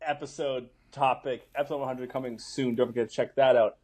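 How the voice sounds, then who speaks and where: A man co-hosts a podcast and tells a story in relaxed, casual chat. His pitch sits in the middle range. He keeps dropping quick joking asides along the way. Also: over a noisy crowd. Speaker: podcast co-host.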